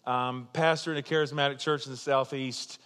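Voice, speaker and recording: A man's voice: medium pitch, steady tone, fairly quick, a bit bright, smooth, big-room sound. A man preaching a sermon in a loose, conversational storytelling way, full of asides and laughter at his own jokes. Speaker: pastor.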